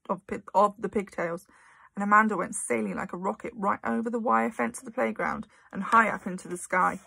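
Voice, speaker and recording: A woman reads a children's story with lively, expressive storytelling. Her voice has a gravelly, husky texture. The sound is dry and close. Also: medium pitch, no room sound. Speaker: narrator. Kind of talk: audiobook reading of a children's novel.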